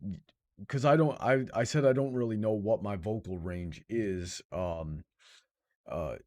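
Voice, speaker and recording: Male co-host, low and mellow, hesitant and self-deprecating, casual call. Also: a little slow. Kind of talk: casual video call chat.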